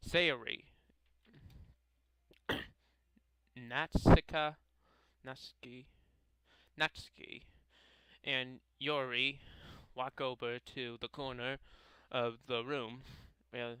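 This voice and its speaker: Slow, halting man reading game text. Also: mid-range voice, level tone, fairly bright tone, clean tone, dry recording, rough recording. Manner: halting, stumbles over names, self-correcting. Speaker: gamer reading a visual novel aloud. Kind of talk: casual game playthrough narration.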